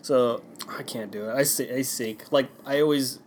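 A man who is a podcast guest, chatting casually, soft-spoken, rambling and giggly. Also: medium pitch, steady tone, normal speed, slight background noise. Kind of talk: casual chat.

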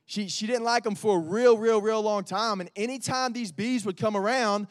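A man's voice: high-pitched, fairly quick, no echo, clean studio sound. A man, preaching to a youth group in a casual, storytelling way with lots of fillers. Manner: conversational, animated storytelling with many fillers. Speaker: youth pastor.

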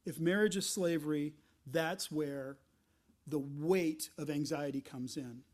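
High-pitched male pastor preaching. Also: unhurried, darkish tone. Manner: conversational preaching with restarts and acted asides. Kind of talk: sermon.

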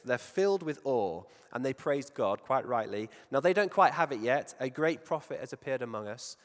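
A man preaching in an easy, conversational way, his voice sitting at an ordinary middle pitch. He keeps turning questions back to the congregation and lets his voice fall to a near hush on the points he wants to land. A long reverb trails each phrase, as in a large church hall. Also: animated, normal speed, few pauses. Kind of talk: sermon.

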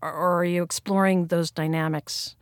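A woman's voice: on the low side, little pitch movement, normal speed. A woman interviewer asking a writer thoughtful and enthusiastic questions. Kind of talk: interview conversation.

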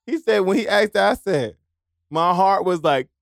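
Young male podcast co-host, animated storyteller with a very lively pitch, close dry mic. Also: moderate pace, gravelly, dry recording. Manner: lively, acts out voices, laughs often.

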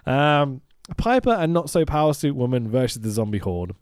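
A podcast co-host with a smooth, medium-pitched voice recaps a film in casual chat, very animated at a moderate pace. He swears freely, laughs a lot and imitates the characters.

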